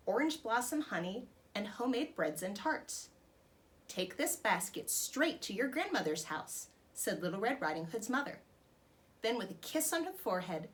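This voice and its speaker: A woman hosting a princess storytime, reading a children's storybook aloud in an expressive, animated manner. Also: medium pitch. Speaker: storytime host dressed as a princess.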